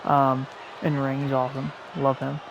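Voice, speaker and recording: A man's voice: mid-range voice, completely flat delivery, normal speed, vocal fry, dull audio, a faint crowd, a little hiss or hum. A man hosting a podcast, rambling through a casual wrestling recap with many restarts and repeated words. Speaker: podcast host.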